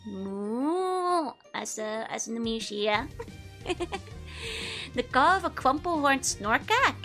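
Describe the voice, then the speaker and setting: Giggly high woman. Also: lively intonation, unhurried, pushed and bright, soft background music. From Netherlands. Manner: giggly, chatty, greets viewers by name. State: voice still recovering from illness. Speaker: VTuber streamer. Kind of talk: casual live-stream chat.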